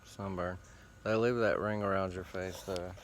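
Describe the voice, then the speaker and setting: A man with a fairly low voice talks in a loose, meandering way, cursing freely and stringing thoughts together with fillers. He sits outdoors against a tree, and faint ambient sound drifts in behind him. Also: steady tone, moderate pace, a little hiss or hum. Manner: loose, profane, meandering talk with frequent fillers. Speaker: host. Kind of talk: casual rambling monologue.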